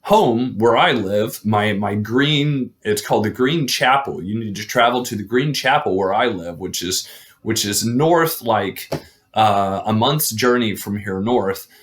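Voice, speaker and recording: A man's voice: fairly low pitch, unhurried, natural voice. A man voicing a mocking giant green knight, keeping his own loose, chatty delivery. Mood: challenging. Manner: taunting, loose and conversational.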